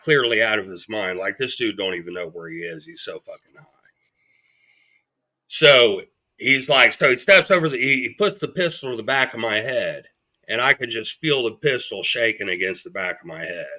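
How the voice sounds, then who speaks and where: A man's voice: mid-range voice, animated, normal speed, bright, forceful tone. A man as a podcast guest, telling his story bluntly and with lots of swearing, acting out what people said. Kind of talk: storytelling in an interview.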